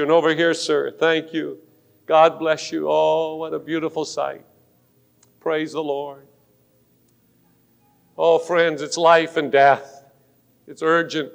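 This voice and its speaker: A pastor making an urgent, pleading altar call during a sermon in a large church sanctuary. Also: male voice, a little high, gravelly. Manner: pleading and urgent, rising to fervent force. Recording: long hall reverb of a church.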